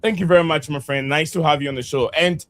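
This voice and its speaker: A man's voice: a little high, steady tone, quick pace. A man from the United States co-hosting a football live stream, reading out viewer comments in a friendly, loose way with many fillers.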